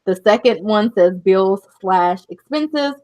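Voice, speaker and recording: Woman guest shop owner, relaxed product walkthrough, casual fillers. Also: medium pitch, slow pace.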